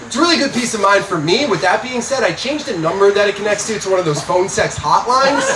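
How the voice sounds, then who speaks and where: Young male stand-up, deadpan with loud punchlines, roomy and noisy club sound. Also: high voice, brisk, hardly any pauses, a loud crowd. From Scranton, Pennsylvania, USA. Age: young adult. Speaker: stand-up comedian. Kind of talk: stand-up comedy set. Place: comedy club stage before a live audience. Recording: roomy club audio from a distance with noise.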